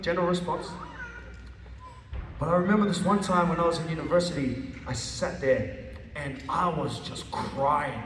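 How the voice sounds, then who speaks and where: A man's voice: fairly high pitch, moderate pace, long pauses, fairly bright tone, slight background noise. A man giving an earnest personal testimony, often restarting and repeating phrases for emphasis. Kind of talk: emotional testimony storytelling. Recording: echoey hall from a distant mic.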